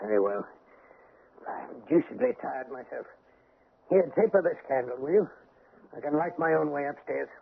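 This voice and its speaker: A man playing a suspicious, blustering aristocratic husband in a radio drama, with a raspy voice and a theatrical, demanding manner. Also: on the high side, expressive, normal speed, pauses often, heavily acted. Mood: brusque. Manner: theatrical, demanding, sharp questions. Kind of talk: 1970s-80s radio drama acting. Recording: tinny old radio broadcast.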